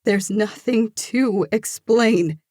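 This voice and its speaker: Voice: mid-range voice, slow, a little mellow, no echo, studio quality, pitched above the performer's own voice. An audiobook narrator voicing a hurt, angry young woman in a tearful, accusing tone. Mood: distraught.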